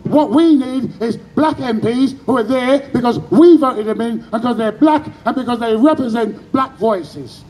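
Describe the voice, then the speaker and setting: A man's voice: very high voice, normal speed, hardly any pauses, darkish tone, slight background noise, low-quality recording. A man, giving an impassioned protest speech outdoors and leading call-and-response chants as an activist speaker.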